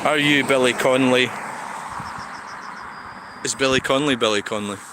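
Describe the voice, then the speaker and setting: A man's voice: mid-range voice, moderate pace. A Scottish man streaming while he walks a town street, rambling and swearing as he answers viewers' comments. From Scotland. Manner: rambling, sweary, talks back to chat. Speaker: livestreamer. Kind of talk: casual walking livestream chat. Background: street traffic noise.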